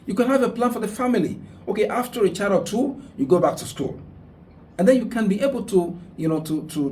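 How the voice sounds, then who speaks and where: A man's voice: fairly high pitch, a little mellow, recorded from a distance, a little hiss or hum. A man hosting a radio talk show and giving earnest religious advice, repeating his points for emphasis. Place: radio studio.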